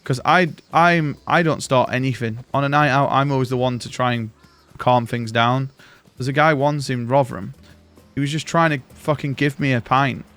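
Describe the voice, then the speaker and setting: A man's voice: mid-range voice, steady tone, moderate pace, a bit bright, soft background music. A man, a game streamer casually telling rambling stories and swearing freely. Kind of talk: casual chat while gaming.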